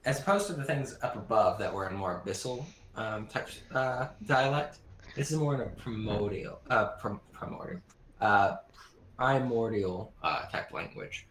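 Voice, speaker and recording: Man, game master, halting delivery, roomy echo, faint background noise. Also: fairly low pitch, a bit bright. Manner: halting, with many fillers. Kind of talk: narrating a tabletop game.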